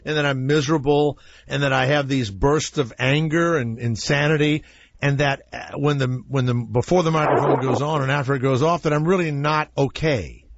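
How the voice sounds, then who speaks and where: A male radio talk show host telling comic stories in an animated, rambling, self-mocking way from a studio. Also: mid-range voice, moderate pace, muffled recording, slight background noise. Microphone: studio microphone.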